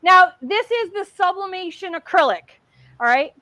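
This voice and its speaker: A middle-aged woman hosting a casual craft livestream, chatty and excitable as she demonstrates while talking. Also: very high-pitched, moderate pace, no room sound, muffled recording.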